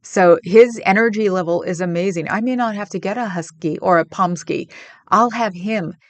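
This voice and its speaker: Speaking at a moderate pace in a mid-range voice with no echo, this San Francisco Bay Area livestream host chats casually with viewers. She rambles, keeps things chatty, and laughs frequently while answering them.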